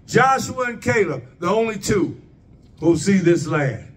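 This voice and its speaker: A man's voice: sits high, big pitch swings, a little slow, distant mic, slight background noise. A man preaching a sermon, asking the congregation rhetorical questions and drawing their responses.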